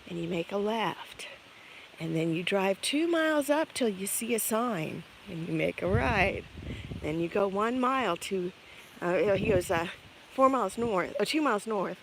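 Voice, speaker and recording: Chatty woman outdoors on a farm. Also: mid-range voice. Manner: chatty, rambling, laughs often. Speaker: vlogger. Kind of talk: casual storytelling while doing farm chores. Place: outdoors on a farm by chicken pens. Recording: outdoor recording with clear background noise.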